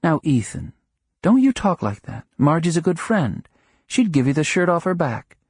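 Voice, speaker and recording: A man narrating an audiobook lifts into an affectionate small-town wife, lilting high and light as she coaxes and chides. The voice is slightly husky and sits close and dry, with no room around it. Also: very animated, moderate pace, a little mellow, no echo, heavily acted. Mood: fond scolding. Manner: light, coaxing and chiding. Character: fond small-town wife, patient and gently scolding. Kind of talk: audiobook character reading.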